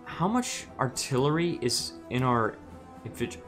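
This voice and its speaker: A man's voice: mid-range voice, sing-song, a little slow, fairly bright tone, faint music behind. A man streaming a strategy game, musing aloud with hesitant restarts while reading chat messages.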